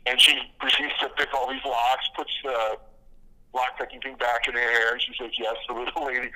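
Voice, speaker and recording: A man chats casually as a podcast guest, his voice bright and pushed forward. He strings stories together with plenty of fillers and false starts, chuckling at his own jokes. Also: mid-range voice, flat delivery, normal speed, poor audio. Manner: rambling storyteller, many fillers and restarts, laughs at own jokes. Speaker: podcast guest, comic creator. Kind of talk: casual interview talk.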